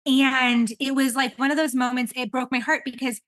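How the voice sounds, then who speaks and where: A woman hosting a podcast in casual chat, rambling and animated, laughing often as she talks. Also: high-pitched, moderate pace, no echo. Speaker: podcast host.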